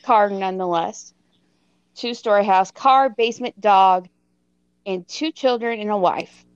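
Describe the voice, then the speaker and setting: A woman in her thirties, co-hosting a casual chat, telling a story in an animated, self-mocking way and laughing as she goes. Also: medium pitch, a little slow, smooth, no room sound, highs cut off. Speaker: podcast co-host.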